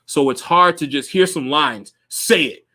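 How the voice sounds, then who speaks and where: A man's voice: a little high, measured pace, bright, forceful tone. A man hosting a podcast in casual chat, loose and profane, laughing often. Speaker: podcast host.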